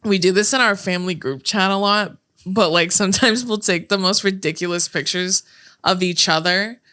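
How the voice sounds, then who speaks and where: Young woman co-host, bright tone, quick profane storyteller. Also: medium pitch. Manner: swears freely, quick animated storytelling. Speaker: podcast co-host. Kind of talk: casual chat.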